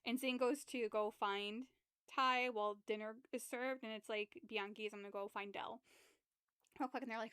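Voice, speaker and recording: Woman, podcast co-host, casual plot recap, swears a lot, acts out the quotes, smooth clear voice, slightly high. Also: fairly even intonation, normal speed, pushed and bright, no room sound, clean studio sound. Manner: rambling, swears freely, acts out characters' lines. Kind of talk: casual book recap chat.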